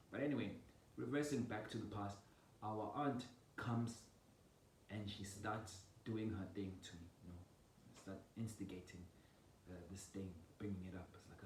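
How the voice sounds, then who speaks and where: A man casually telling a personal family story, animated and laughing, acting out the scenes with sound effects. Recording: roomy echo, distant mic, low rumble.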